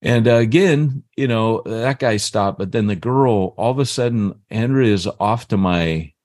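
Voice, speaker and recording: A man's voice: on the low side, a little slow, no echo, clean studio sound. A man in his fifties, a podcast co-host, casually telling a story and acting out the people in it. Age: 50s. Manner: animated, acts out the voices in his story.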